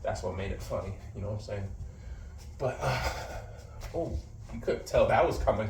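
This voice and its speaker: Talking straight to the camera, a male vlogger with a lowish voice speaks at normal speed, animated, blunt and slangy, swearing and bragging as he sounds a bit breathless. The mic sits some distance away, so the room echoes around him over a faint hiss.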